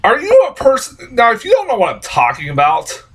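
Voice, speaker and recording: Husky, exasperated ranting male reviewer. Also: very high-pitched, huge pitch swings, a little fast, a bit bright, low-quality recording. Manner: rambling with restarts and laughs. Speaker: movie reviewer. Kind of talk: casual spoken review.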